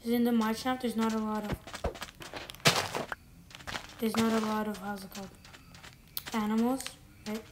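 A woman chats her way through a game session, thinking aloud and circling back on her own sentences. Her voice sits a little high but stays flat and level. Loud steady noise and mouse clicks run under the whole recording. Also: measured pace, pauses often. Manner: rambling, self-correcting, thinking aloud while playing. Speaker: gamer. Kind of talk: casual gameplay commentary.

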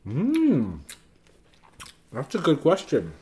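A man in his thirties hosting a family vlog, chatting gently and patiently with his child between bites of food. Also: a little high, wildly swooping pitch, extremely slow. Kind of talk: casual family chat while eating.

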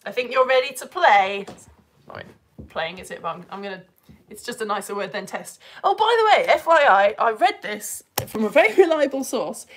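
A woman from the United Kingdom, her voice on the high side, teaches a live online lesson. She's chatty and laughs often, and she reads verse slowly.

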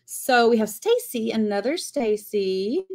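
A woman's voice: a little high, sing-song, measured pace, a little mellow. A woman teaching a live-streamed lettering class, chatting and greeting viewers by name as she writes.

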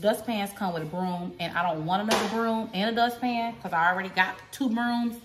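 Speaking fairly quickly in a mid-range voice, this woman vlogger walks viewers through her shopping haul at home, addressing them directly and saying "y'all" a lot. There's a noisy background and a roomy echo to the recording.

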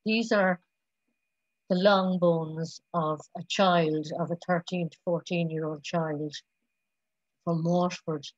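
Halting woman giving a lecture. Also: lowish voice, steady tone, no room sound. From Ireland. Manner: rambling, halting, many restarts and fillers. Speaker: lecturer in archaeology. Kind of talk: public lecture. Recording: dull lo-fi recording.

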